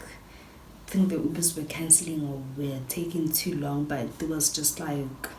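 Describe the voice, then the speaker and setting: A young South African woman with a South African accent, telling a storytime in a chatty, animated vlog style full of fillers and switches between English and Sesotho. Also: low voice. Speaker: YouTuber. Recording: echoey room with background noise.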